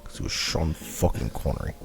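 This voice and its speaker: A man putting on a deliberately bad Scottish accent, playing a proud, kilted Scottish film star. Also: over music, natural voice. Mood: boastful. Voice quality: exaggerated mock accent.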